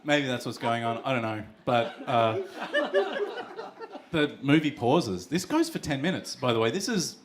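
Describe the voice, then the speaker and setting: A man's voice: mid-range voice, lively intonation, normal speed, very noisy. An Australian man doing crude, rambling stand-up storytelling on stage. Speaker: stand-up comedian. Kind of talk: stand-up comedy set. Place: comedy club stage.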